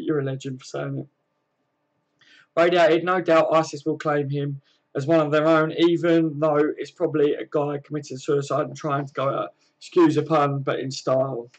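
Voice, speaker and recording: A man chats casually on his home livestream, reading comments aloud and greeting viewers. His voice sits a little higher than most men's, friendly and loose. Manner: chatty, friendly, lots of fillers and "mate". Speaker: livestream host.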